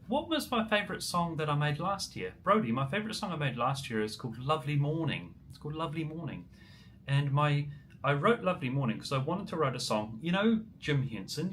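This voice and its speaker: A man's voice: fairly high pitch, fairly bright tone, slight background noise. Chatty New man livestreaming. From New Zealand. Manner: chatty, answers viewer comments, many ums. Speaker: musician livestreamer. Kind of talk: casual livestream chat.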